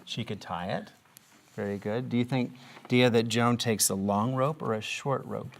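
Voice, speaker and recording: A middle-aged woman teaching a reading lesson to young children, patient and encouraging, asking one gentle question after another. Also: extremely low pitch, moderate pace, gravelly.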